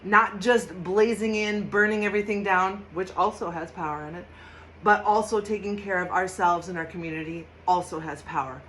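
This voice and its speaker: Hosting an informal tarot and astrology reading, this woman speaks in a mid-range voice with fairly even intonation at a moderate pace. She's talkative and emphatic, laughs frequently, and lets out loud pretend shouts. The audio is poor, with slight background noise.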